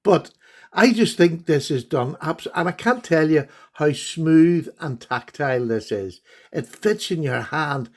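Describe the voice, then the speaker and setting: A man's voice: fairly high pitch, animated, measured pace, a little mellow. A middle-aged man hosting a casual vlog, chatting fondly and a little rambly while showing knives to the camera. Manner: chatty, rambling, fond and enthusiastic. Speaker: host, knife collector.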